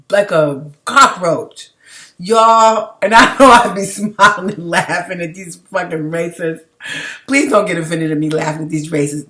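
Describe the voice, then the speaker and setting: A woman's voice: mid-range voice, fairly bright tone. An outspoken woman giving casual, emphatic commentary as she reads out viewer comments, laughing between points. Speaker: livestream commentator.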